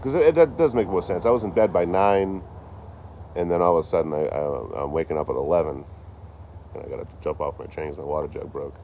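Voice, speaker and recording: A man's voice: rumbling low, quick pace, gravelly, warm tone, a little hiss or hum. A man chatting casually on a livestream, rambling and swearing, laughing often as he tells stories. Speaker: traveling livestreamer.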